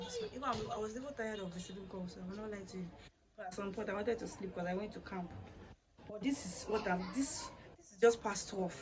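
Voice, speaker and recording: A young woman, chatting excitedly to camera as she unboxes gifts, gushing and laughing often. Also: mid-range voice, background noise. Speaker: vlogger unboxing birthday gifts. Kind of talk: excited casual chat to camera.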